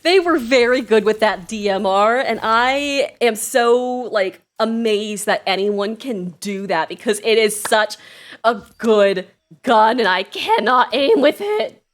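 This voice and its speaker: Excitable streamer woman, lively animated voice. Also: on the high side, slow pace. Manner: excitable, yelps and laughs, apologetic chatter. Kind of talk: live gaming stream chat.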